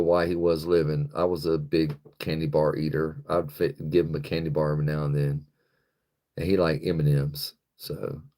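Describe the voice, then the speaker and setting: Deep-voiced man rambling on a live stream. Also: mellow. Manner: rambling, swears freely, loose storytelling. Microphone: phone on a stick.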